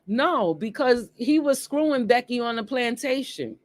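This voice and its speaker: A woman's voice: a little high, lively intonation, unhurried, no room sound. A woman hosting a casual livestream monologue, talking bluntly and emphatically with a lot of swearing. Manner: blunt, profane, emphatic ranting. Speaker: livestream host.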